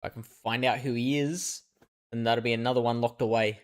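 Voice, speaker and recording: A man's voice: mid-range voice, fairly even intonation, a little fast. A male streamer giving live commentary on a game, thinking aloud and reasoning through clues.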